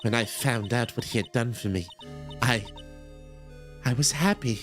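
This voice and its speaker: A man voicing a frail, creepy young woman who speaks slowly and ominously while reading a visual novel aloud. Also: mid-range voice, fairly bright tone, soft background music, natural voice. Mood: eerie. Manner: slow, drawn-out, ominous delivery.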